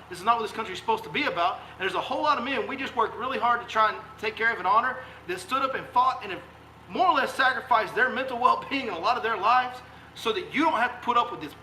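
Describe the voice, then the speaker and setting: Guide, male, heated live-stream rant, high voice, echoey recording. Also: animated, fast, bright, forceful tone, slight background noise. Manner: fiery, emphatic, repeats rhetorical questions. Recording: echoey room sound.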